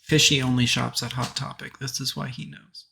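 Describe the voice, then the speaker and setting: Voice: mid-range voice, flat delivery, moderate pace, vocal fry, bright, forceful tone, husky. A podcast co-host in casual chat, sounding exasperated and often trailing off.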